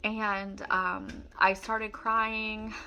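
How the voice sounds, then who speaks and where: A woman's voice: mid-range voice, level tone, very slow, heavy background noise. A young woman casually telling her own story to the camera, emotional and rambling, with many fillers and restarts.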